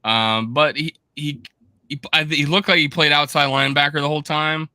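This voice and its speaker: A man guesting on a casual sports podcast, quick to poke fun at himself and tripping over his words. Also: a little high, clear, resonant tone, dry recording, clean studio sound. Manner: self-deprecating, animated, trips over words.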